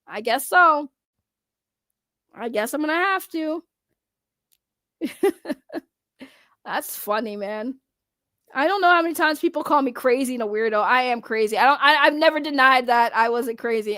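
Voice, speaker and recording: A woman's voice: high voice, lively intonation, moderate pace, long pauses, pushed and bright, no echo, clean studio sound. A woman streamer giving casual, sarcastic live commentary, rambling with restarts and laughs.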